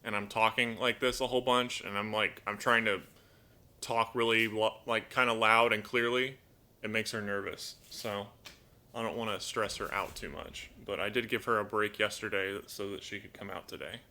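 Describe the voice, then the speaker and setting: Man, live-stream host, low voice, crisp bright tone, rambling casual chat, reads comments, coos at his pet bird. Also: fairly even intonation, moderate pace. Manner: chatty and rambling, reads donor comments aloud, talks softly to his bird. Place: at home indoors.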